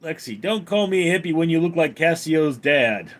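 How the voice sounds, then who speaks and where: A man hosting a livestream at home, reading chat comments aloud and answering them deadpan. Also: a little high, moderate pace. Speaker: livestream host.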